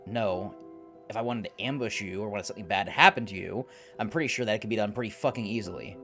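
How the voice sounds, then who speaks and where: A man's voice: medium pitch, normal speed, lightly acted. A man voicing a stern undead father who is curt and impatient and swears, over faint music.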